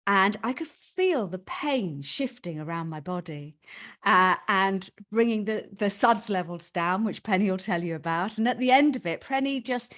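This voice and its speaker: A woman's voice: mid-range voice, lively intonation, normal speed, a bit bright. Candid woman podcast host. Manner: candid and emotional, swears casually. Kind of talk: personal storytelling to a guest.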